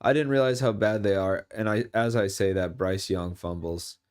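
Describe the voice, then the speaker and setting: Young male streamer, slightly low voice, casual rambling football commentary, jokey, erupts at big plays. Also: moderate pace, clean tone.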